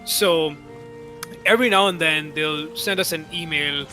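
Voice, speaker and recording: A man from India, chatting casually and haltingly while gaming with friends. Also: a little high, bright, forceful tone, soft background music. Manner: rambling, halting with many fillers and restarts. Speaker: gaming stream co-player. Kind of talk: casual chat.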